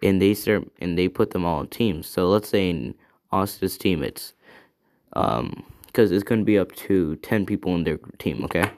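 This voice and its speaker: A man with a very low voice and a gravelly, creaky edge spins a fan story off the cuff. He rambles casually, pausing to think aloud and backtracking to fix his own details. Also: a little mellow. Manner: rambling, thinks aloud, corrects himself often.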